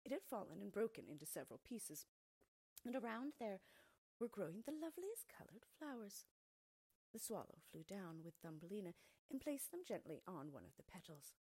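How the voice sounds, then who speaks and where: Woman storyteller reading a fairy tale, husky, with a lively melodic voice. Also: mid-range voice, moderate pace, no echo. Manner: expressive, often dropping to a soft near-whisper.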